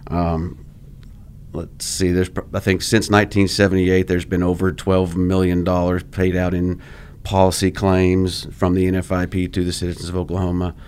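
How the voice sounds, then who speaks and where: A man who is the state's flood insurance program coordinator, speaking as a guest in a measured, hesitant way with many fillers. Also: deep voice, completely flat delivery, a little mellow, slight background noise. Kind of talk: casual conversational interview.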